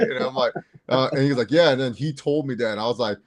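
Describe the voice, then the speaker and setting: Speaking quickly in a mid-range voice, a man co-hosts a sports podcast in loose, casual conversation. He rambles, repeats himself and laughs at his own remarks.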